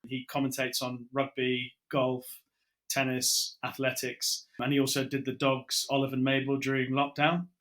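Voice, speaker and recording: A man's voice: medium pitch, moderate pace. A middle-aged British broadcaster telling anecdotes in a casual podcast chat, acting out what he and others said. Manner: lively storyteller, acts out his own quotes. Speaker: broadcaster guest.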